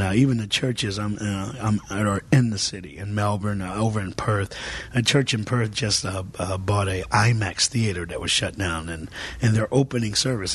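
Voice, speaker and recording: Husky low-voiced man preaching fervently. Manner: fervent, dips to soft near-whispers for emphasis; filler-heavy, repeats words. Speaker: guest preacher. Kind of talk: preaching in an interview.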